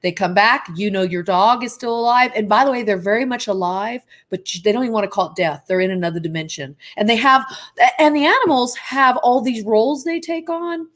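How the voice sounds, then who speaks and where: A woman's voice: on the high side, brisk, fairly bright tone. A woman speaking as a psychic medium guest in a casual live interview, talking straight to the viewers and drifting off onto tangents.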